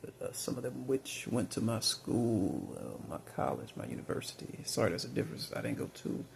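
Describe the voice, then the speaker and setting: A man's voice: mid-range voice, sing-song, brisk, creaky, slight background noise. A man from Mississippi, telling rambling personal stories full of fillers and restarts. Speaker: vlogger.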